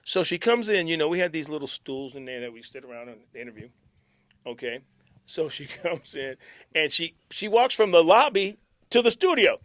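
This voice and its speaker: A man's voice: a little high, moderate pace, no echo. A middle-aged man, a radio DJ, casually telling old station stories, acting out the quotes and sinking to a near-whisper at times. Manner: animated storyteller, acts out quotes, drops to near-whisper. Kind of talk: casual storytelling chat.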